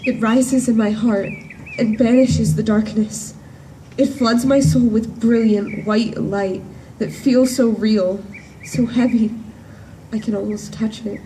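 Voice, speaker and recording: A woman in a church performing a monologue as a grief-stricken woman disciple at the empty tomb. She speaks earnestly and in measured phrases, with emphatic repetitions. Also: a little high, steady tone, warm tone, a little hiss or hum. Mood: joyful. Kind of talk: dramatic first-person monologue. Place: church service at sunrise. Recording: distant voice with faint room ambience.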